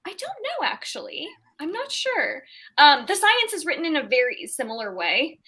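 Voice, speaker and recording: A woman co-hosting a book podcast in casual chat, enthusiastic and quick to laugh. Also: high voice, huge pitch swings, pushed and bright. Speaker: podcast co-host.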